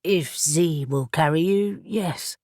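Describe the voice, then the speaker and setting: A composed, reassuring winged man, as a woman narrator voices him in an audiobook. He speaks slowly, in a low, steady tone that stays matter-of-fact. The recording is close and dry. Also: no echo.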